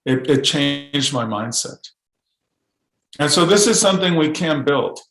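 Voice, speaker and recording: A man with a somewhat raised, gravelly voice talks earnestly, pausing and restarting his sentences as he goes. He sounds like a podcast guest, and the room around him has a noticeable echo. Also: on the high side, animated, a bit bright. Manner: earnest, halting, restarts often. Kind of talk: podcast interview testimony.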